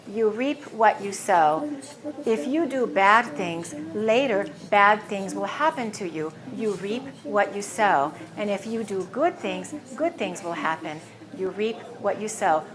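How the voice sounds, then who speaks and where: Woman teaching pronunciation, slow and clear. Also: medium pitch. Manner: slow, clear modeling of words, repeating each twice. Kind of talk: pronunciation lesson.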